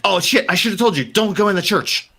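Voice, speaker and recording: A man doing a panicked Old West doctor, high and frantic, stammering, swooping pitch. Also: lively intonation, fast talker, sharp tone, breathy edge, heavily acted.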